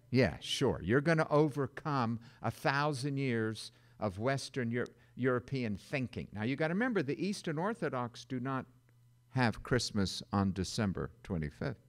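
An older man preaching a sermon in an animated way, slipping into loud mock-panicked voices. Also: mid-range voice. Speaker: pastor.

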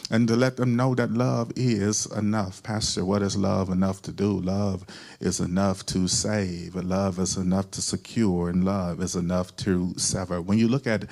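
A man's voice: low-pitched, flat delivery, a little slow, creaky, a little mellow. A man preaching a sermon as pastor, repeating key phrases and calling on the congregation to answer back.

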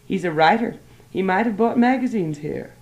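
A woman's voice: medium pitch, normal speed, dark tone, pitched above the performer's own voice, lightly acted. A woman voicing an anxious young woman searching for her missing fiancé, pleading and urgent. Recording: roomy old archive recording.

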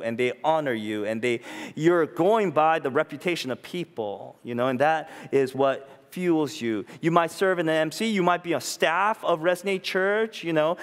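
A man in his thirties or forties preaching a sermon in a conversational way, often asking "you know?" and acting out quotes. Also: fairly high pitch. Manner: conversational preaching, tag questions, acted-out quotes. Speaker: pastor. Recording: long reverb of a church hall.

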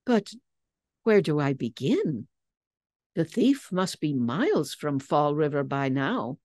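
A woman voicing a burly French nobleman with a French accent, booming and theatrical. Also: big pitch swings, slow pace, a little mellow, dry recording, studio quality, exaggerated voice. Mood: urgent. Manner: booming, exclamatory.

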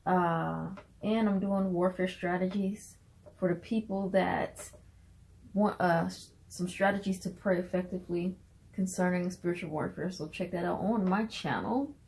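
A woman's voice: fairly low pitch, fairly even intonation, a little slow, a little mellow, rough recording. A woman with a Southern US accent, chatting in a bubbly, laughing way on a casual vlog. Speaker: vlogger and minister.

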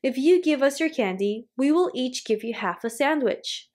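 A woman voicing an eager, slightly bossy little schoolgirl who exclaims in a high voice. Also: animated, normal speed, darkish tone.

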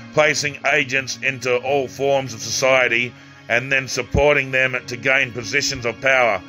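A man's voice: medium pitch, sharp tone. A man reading his own first-person story aloud, plainly, with occasional slips and restarts.

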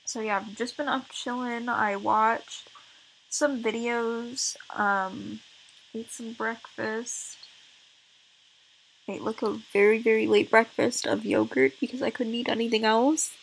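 A young woman hosting her own game channel talks in an unhurried, drawn-out way, full of "like" and "um". She rambles through casual commentary with a rubber band from her braces in her mouth. A faint hum sits behind her voice. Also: fairly high pitch, gravelly, low-quality recording. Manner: chatty, rambling, many "like" and "um" fillers. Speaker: gaming channel host.

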